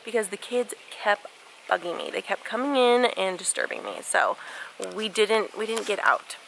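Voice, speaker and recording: A young woman vlogger with a mid-range, creaky voice and big pitch swings chats at a moderate pace to her channel outdoors on a handheld camera. She's recovering from a cold and coughs, yet stays chatty and conversational, with faint outdoor ambience and wind in the background.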